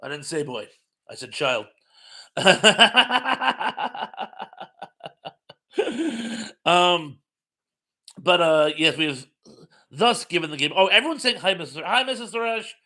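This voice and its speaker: A middle-aged man hosts a relaxed trivia live stream, reading questions and viewer comments in a chatty, self-mocking way. His voice is bright, forceful and pitched a little high, and he speaks slowly with frequent pauses. He laughs easily and trips over his own sentences.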